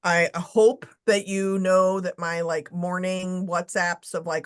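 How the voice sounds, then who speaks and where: A woman's voice: lowish voice, flat delivery, clear, resonant tone. Blunt, casual woman chairing a meeting. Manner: brisk, casual, blunt, with mild swearing. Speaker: search committee chair.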